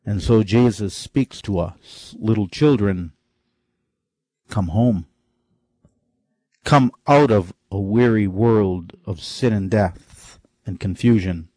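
A male preacher delivers a fervent sermon in a low voice. He climbs sharply on key phrases and slows down to drive points home. The sound is dry and close, with no room around it. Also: dark tone, dry recording.

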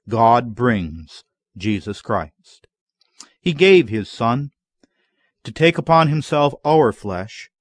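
A man preaching a sermon in a slow, measured way that builds to emphatic climaxes. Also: mid-range voice, no echo, clean studio sound. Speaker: pastor.

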